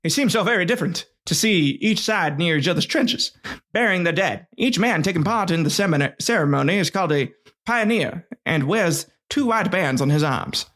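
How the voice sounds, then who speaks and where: An old-timey wartime diarist, as a man puts him on in a 1950s radio announcer manner, a little higher than a plain speaking voice. The delivery is theatrical and stagey, like a newsreel read aloud. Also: animated, normal speed, fairly bright tone. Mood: wondering. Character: WW1 private reading his diary as an old-timey male radio announcer.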